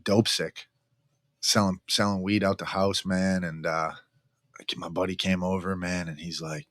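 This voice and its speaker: Middle-aged man, deep monotone voice, frank, profane, casual storyteller. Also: normal speed, no room sound. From Massachusetts, near Boston. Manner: frank, profane, says "man" after almost every phrase. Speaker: guest in recovery.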